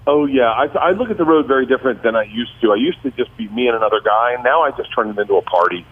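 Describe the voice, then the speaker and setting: A man's voice: mid-range voice, lively intonation, racing, phone-quality sound. A male comedian guest telling stories in casual chat, rambling and restarting his sentences.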